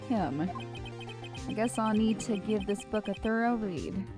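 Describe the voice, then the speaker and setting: A woman's voice: medium pitch, steady tone, moderate pace, over music. A young adult woman streamer giving casual let's-play commentary, chatty and reading game text aloud.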